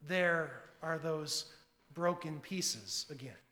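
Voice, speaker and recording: High-voiced preacher in an echoey hall. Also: male voice, takes it slowly. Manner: dramatic swings between loud emphasis and hushed asides. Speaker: pastor. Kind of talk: sermon.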